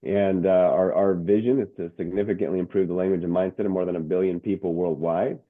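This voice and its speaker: A man's voice: sits low, fast talker. Middle-aged man on a tinny line. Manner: animated, stumbling restarts and word repeats. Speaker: guest, motivational speaker and coach. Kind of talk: casual interview storytelling.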